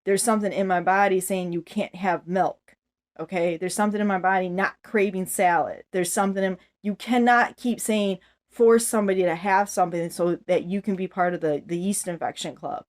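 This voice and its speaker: A woman's voice: medium pitch, fairly even intonation, moderate pace. A woman ranting angrily to the camera, rambling and swearing constantly as she vents. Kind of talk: angry profane rant to camera.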